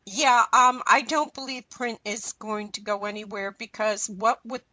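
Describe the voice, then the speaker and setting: A middle-aged woman hosting a radio show, talking in a rambling, chatty and animated way. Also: a little high, unhurried, no echo. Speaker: radio host. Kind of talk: casual radio chat.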